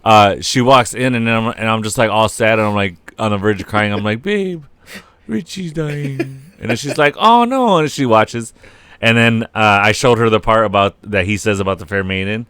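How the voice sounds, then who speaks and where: A man's voice: on the low side, a little fast, clean tone, dry recording. A young man co-hosting a casual podcast, recapping scenes with lots of swearing and acted-out quotes. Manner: animated, swears a lot, acts out scenes. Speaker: podcast co-host. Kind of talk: casual chat.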